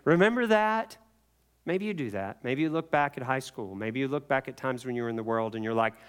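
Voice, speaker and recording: A man preaching a sermon, telling the story with animated voices for the people in it. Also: medium pitch, normal speed, clean tone.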